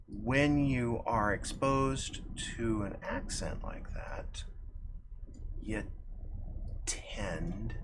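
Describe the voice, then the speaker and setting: A man's voice: lowish voice, noisy background. A man livestreaming while he draws, chatting in a rambling, self-deprecating way. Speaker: livestreaming digital artist. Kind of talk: casual chat while drawing.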